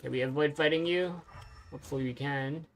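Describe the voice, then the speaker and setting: A game streamer talking through a playthrough in an easygoing, thinking-aloud way, often stopping on fillers mid-sentence. The pitch sits at an ordinary middle level. Game music plays faintly underneath. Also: a little fast. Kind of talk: casual let's-play commentary.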